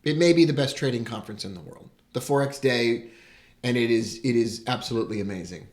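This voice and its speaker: An excitable man, hosting a live broadcast and greeting his viewers with enthusiasm. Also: mid-range voice, brisk. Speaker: host.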